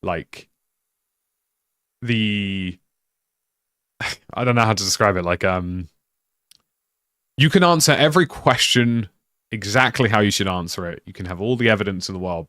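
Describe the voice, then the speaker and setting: A young British streamer talks in a loose, rambling way, stacking up "like" and restarting his sentences. His voice sits fairly low. The sound is dry, with no room echo. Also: expressive, normal speed, pauses often, a bit bright. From United Kingdom. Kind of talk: casual live-stream chat.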